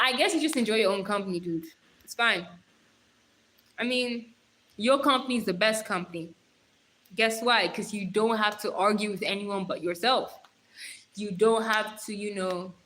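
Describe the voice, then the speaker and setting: A woman's voice: medium pitch, bright, forceful tone, rough recording. A young woman hosting a casual livestream on her phone, reading out viewer comments and talking straight to them in a chatty, giggly way. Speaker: livestream host.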